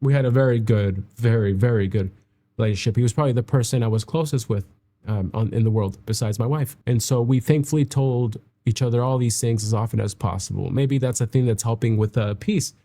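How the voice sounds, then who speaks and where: Male reaction host, mellow tone, mid pitch; reflective, halting, heartfelt delivery, close to tears. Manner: halting and heartfelt, with many restarts. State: emotional, near tears. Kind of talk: reflective casual reaction commentary.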